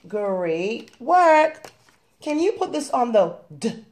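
At home, a young woman gently teaches her toddler colors and letters, patient and coaxing and full of praise. She speaks slowly in a sing-song, slightly high and a little mellow voice.

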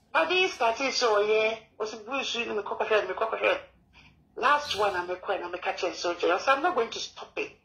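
A woman's voice: medium pitch, a bit bright, low-quality recording. A woman calling in to an advice show, rambling through her story in broken English. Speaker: caller. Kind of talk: phone-in conversation.

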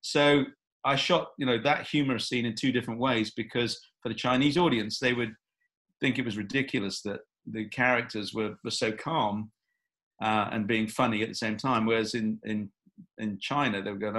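A man who is a film director, answering interview questions in a relaxed, rambling way with many fillers and restarts. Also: fairly low pitch, normal speed.

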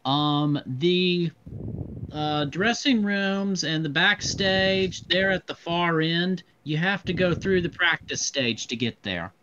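A man's voice: on the high side, slow pace, pushed and bright, lo-fi sound, slight background noise. A man voicing a band insider casually explaining the way backstage, with small hesitations. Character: offhand band insider guiding players backstage.

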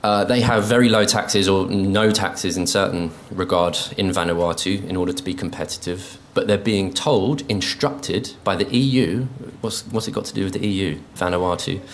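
A man with a notably low voice speaks from a conference stage. He halts and restarts often, peppering his talk with ums. He takes an indignant, disapproving tone. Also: fairly even intonation, normal speed, few pauses, slight background noise. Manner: hesitant, full of ums, indignant. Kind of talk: informal conference speech. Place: conference venue.

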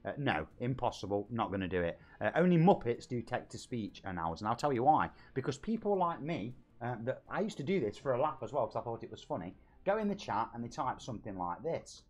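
A man's voice: mid-range voice, big pitch swings, a little fast, hardly any pauses. A man, chatting casually as a game streamer and reading his chat aloud. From Nottingham, England. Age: 40s.

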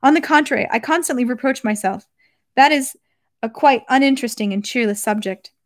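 A woman's voice: fairly high pitch, brisk, dry recording, studio quality, close to an everyday voice. A woman reading aloud the lines of a proud, regretful young nobleman in a novel, in an earnest, slightly raised voice. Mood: defensive.

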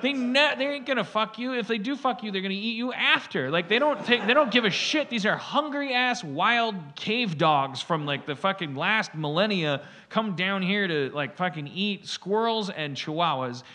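Bright-voiced man rambling through a story. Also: high-pitched, animated, normal speed, hardly any pauses. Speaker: podcast host. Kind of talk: casual chat.

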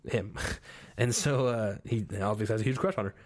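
A man's voice: on the low side, normal speed. A young man co-hosting a podcast, chatting casually and laughing often as he recaps cartoon scenes and acts out lines. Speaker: podcast co-host. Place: studio.

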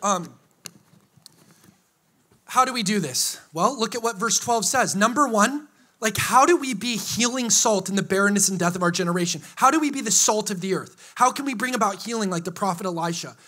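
A man preaching a sermon to a live congregation, energetic and joking with them, rising to excited shouts. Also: sits high, normal speed. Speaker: pastor. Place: church hall before a live congregation.

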